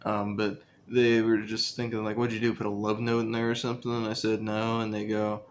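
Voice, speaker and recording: A man's voice: on the low side, completely flat delivery, brisk, slight background noise. A young man casually telling a story about his school days, rambling and profane, with lots of fillers.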